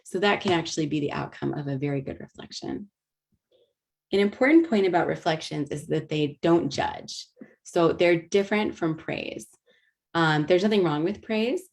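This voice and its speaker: A woman with a low voice and a gravelly edge leads an online teaching webinar through a video call mic. She explains step by step, with plenty of ums and restarted phrases. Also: a little mellow. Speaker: workshop presenter.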